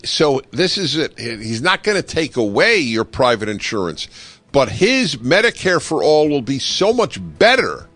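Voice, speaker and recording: A man hosting a talk radio show, giving a political commentary monologue in an animated, sarcastic way with wry asides, speaking into a studio microphone. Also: mid-range voice.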